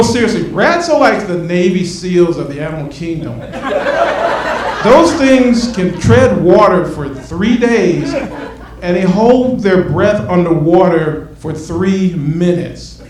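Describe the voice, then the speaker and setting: A man performing a stand-up comedy set, animated, acting out his bits and swinging between loud and soft. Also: high voice, a little slow, crowd noise. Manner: animated, acts out bits with shifting loudness. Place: comedy club stage. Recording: echoey room from a distant mic, noisy.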